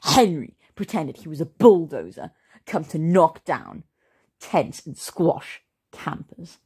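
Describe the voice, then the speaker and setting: A woman reads a children's story aloud with playful expression, taking her time. Her pitch sits on the low side but dances widely as she builds the scene. It is an unhurried storytime delivery. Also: very animated, darkish tone, slightly rough.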